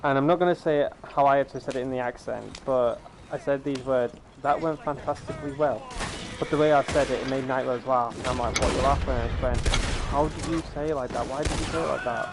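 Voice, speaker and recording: A man's voice: medium pitch, fairly even intonation, fairly quick, noisy background. A man streaming a game, chatting casually on a headset mic in a rambling way, with lots of fillers and restarts. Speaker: gaming streamer. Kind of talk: casual chat over gameplay. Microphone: gaming headset.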